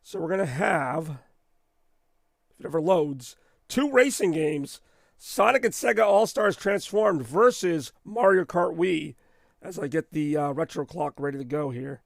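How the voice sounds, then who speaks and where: A hoarse man with a sore throat, hosting a retro gaming stream in rambling, chatty commentary. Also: on the high side, animated, unhurried, no room sound, clean studio sound. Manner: rambling, chatty, self-deprecating. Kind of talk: casual live-stream commentary. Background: faint game music.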